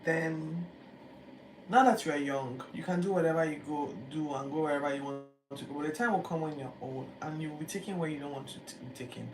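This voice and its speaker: A teacher voicing a calm, commanding Jesus. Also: mid-range voice, fairly quick, lightly acted. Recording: echoey room, distant mic, background noise.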